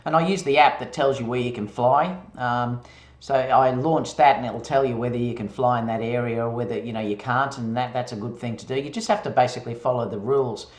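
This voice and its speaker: A man's voice: mid-range voice, fairly even intonation, fairly quick. A man guest on a live stream, chatting casually about camera gear and rambling with fillers and restarts. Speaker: guest photographer. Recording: roomy echo.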